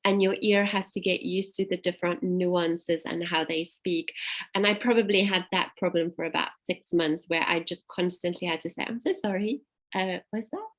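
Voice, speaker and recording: A woman's voice: on the low side, fairly even intonation, moderate pace. A woman in her forties from South Africa, Afrikaans by first language, speaking English with a South African accent in a chatty conversational interview, full of fillers and restarts. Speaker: interview guest.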